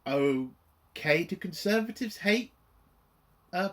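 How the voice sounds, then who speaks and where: A man's voice: sits high, animated, slow, a bit bright. A man ranting in a profane, exasperated and rambling way while reviewing a TV episode.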